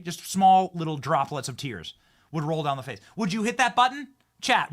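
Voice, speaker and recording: Hyped-up man hosting a lively commentary show. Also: high voice. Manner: hyped, jokey, riffing with loud bursts. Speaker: show host. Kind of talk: excited political commentary show.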